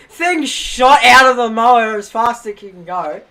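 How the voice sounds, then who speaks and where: Young guy on stream, bright voice, laughing thru his stories, swears a lot. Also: extremely high pitch, lively intonation, measured pace. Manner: laughing storyteller, swears, acts out family quotes. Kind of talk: casual chat on a live stream.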